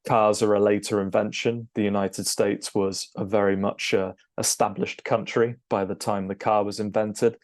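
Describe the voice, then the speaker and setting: Low-voiced man teaching vocabulary. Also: little pitch movement, moderate pace, hardly any pauses, no room sound. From Britain. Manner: explanatory, with frequent "okay" and "um" fillers. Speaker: IELTS teacher. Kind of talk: recorded lesson to camera.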